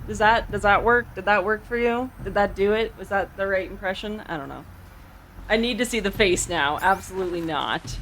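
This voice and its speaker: A woman's voice: medium pitch, lively intonation, a little slow, fairly bright tone, slight background noise. A woman streamer in casual, giggly chat with her viewers.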